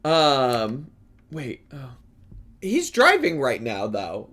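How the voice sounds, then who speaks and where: A man's voice: mid-range voice, huge pitch swings, extremely slow, fairly bright tone. A man giving casual reaction commentary, giggly, sarcastic and rambling.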